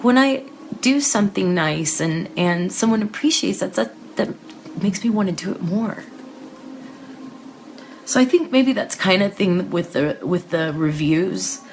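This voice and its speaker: A woman hosting a live psychic reading session, talking casually and emotionally to her viewers, tearful, with soft laughs and restarts. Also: mid-range voice, a little hiss or hum.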